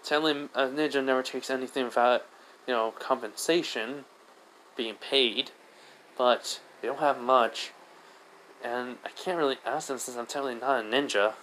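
A man's voice: mid-range voice, moderate pace, fairly bright tone, a little hiss or hum, close to an everyday voice, rough recording. A man voicing a young male ninja reborn as a slime, speaking mildly and casually with hesitant fillers.

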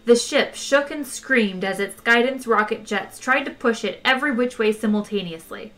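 Woman reading a funny sci-fi book out loud, bright clear voice, lively. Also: fairly high pitch, normal speed. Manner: lively, wry storytelling. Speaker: audiobook reader. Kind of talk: expressive audiobook narration.

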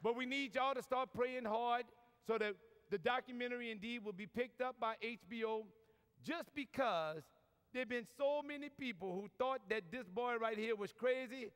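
A man's voice: sits high, normal speed, a bit bright, smooth. A man with a New Orleans accent, a priest giving a folksy, joking talk to a large audience. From New Orleans, USA. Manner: folksy, joking, lots of y'all. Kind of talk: preaching talk with humor. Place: large convention hall. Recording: long reverb from a large hall.

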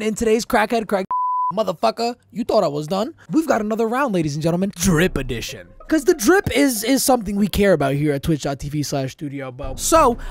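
A man's voice: high-pitched, vocal fry. A man hosting a price-guessing game on a live stream, brash and profane, joking with chat. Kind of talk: casual live-stream banter.

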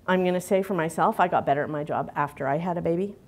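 A woman's voice: fairly low pitch, fast, darkish tone. A middle-aged woman, giving a candid conference talk full of fillers and restarts. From Canada. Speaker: conference speaker.

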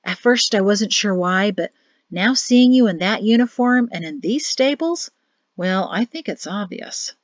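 A woman voicing a quiet, grave young man in an audiobook, speaking in soft, low, measured warnings. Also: animated, no echo, natural voice. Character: grim quiet young man, cryptic brother. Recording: dull lo-fi dry audio.

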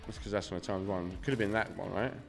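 A man's voice: sits low, fast, creaky, music in the background. A young man doing casual live-stream commentary, swearing freely and chatting to his viewers. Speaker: slot streamer.

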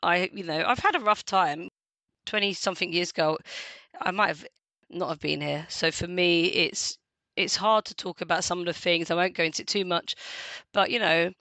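A woman in her forties talks as a podcast guest, chatty and animated, with frequent laughter. Her voice sits a little low but rings bright and forward. The sound is close and dry. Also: dry recording. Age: 40s. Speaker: guest, community radio host. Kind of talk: casual podcast conversation.

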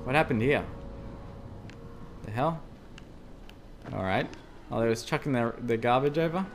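A man's voice: medium pitch, moderate pace, long pauses, soft background music. A man commentating a horror game demo as he plays, easily startled and yelping "oh no" and "oh god" at every scare. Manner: excitable, yelps and squeals when scared. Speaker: gameplay commentator. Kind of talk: let's play commentary. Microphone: desk USB microphone.

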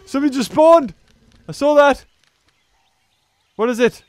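A man giving excitable let's play commentary, laughing, yelping and muttering to himself as he plays. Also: extremely high pitch, measured pace, dry recording, clean studio sound. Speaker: gameplay commentator.

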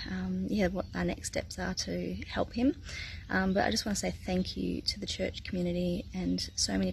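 Hesitant Australian woman with a gravelly voice. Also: lowish voice, a little hiss or hum, low-quality recording. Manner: hesitant, many ums, emotional. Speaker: church member sharing a testimony. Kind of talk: testimony to a congregation.

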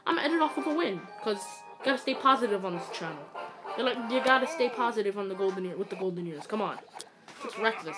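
A woman giving excitable, ranting commentary while playing a mobile game, swinging between yelling and muttering. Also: medium pitch, quick pace. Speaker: gaming YouTuber. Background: loud game music.

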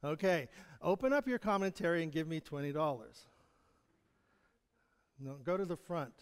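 A man's voice: on the high side, lively intonation, moderate pace, clean tone. A man preaching a sermon to his congregation, speaking in a conversational way, chuckling often and putting questions to the people in the pews. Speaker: pastor. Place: church sanctuary. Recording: long hall reverb.

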